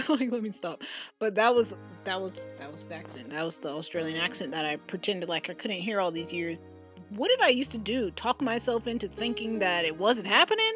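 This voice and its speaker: A woman's voice: medium pitch, lively intonation, a little fast, fairly bright tone, faint music behind. A young woman vlogger giving casual reaction commentary, chatty and exclamatory.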